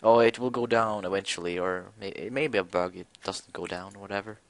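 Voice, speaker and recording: A young man with a low, brisk voice chats and jokes with a friend while they play a video game. He's a gaming commentator, teasing and laughing often in this casual gameplay talk.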